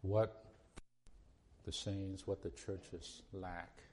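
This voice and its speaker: Man preaching a sermon, low warm voice, earnest, keeps restarting then hits his point hard. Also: flat delivery, extremely slow, slight background noise. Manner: earnest, repetitive restarts, rising to emphatic pleas.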